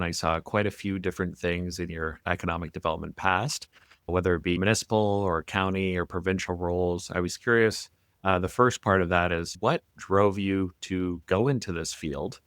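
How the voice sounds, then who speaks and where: A man with a Canadian accent hosting a podcast interview, enthusiastic and chatty, telling stories with animated energy. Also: low-pitched, clean tone, no room sound, studio quality. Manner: enthusiastic storyteller, animated when retelling. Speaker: podcast host. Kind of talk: conversational interview.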